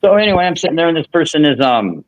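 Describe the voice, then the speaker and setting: A podcast host tells a long story in casual chat, rambling with frequent restarts and fillers. His voice is a little high and sing-song, and he talks very fast. The audio is dull, with no room sound.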